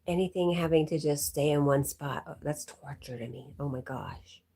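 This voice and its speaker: A woman's voice: sits low, normal speed, dark tone. A middle-aged woman hosting a casual livestream, chatting and answering viewer comments with giggly asides. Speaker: livestream host.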